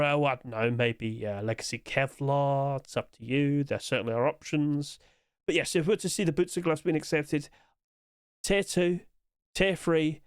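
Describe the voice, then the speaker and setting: A man's voice: a little high, clean tone, no room sound. Chatty man with a dry close mic. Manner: chatty, rambling, chuckles to himself; quick-talking, trying to rush through. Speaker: game skin commentator. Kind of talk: casual solo commentary.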